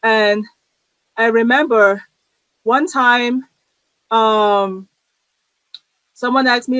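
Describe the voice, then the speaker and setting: A woman with a somewhat high speaking voice talks as a podcast guest, recorded close and dry with no room sound. She tells her stories in an animated way and laughs easily between them. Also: slow pace, pauses often, no room sound, low-quality recording. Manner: animated storyteller who laughs often. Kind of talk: conversational interview.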